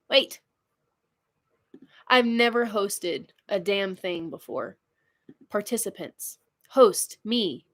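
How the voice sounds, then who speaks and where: A woman's voice: mid-range voice, slow pace, pauses often. A tired woman hosting a casual livestream at home, rambling, laughing often and swearing casually as she talks. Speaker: livestream host.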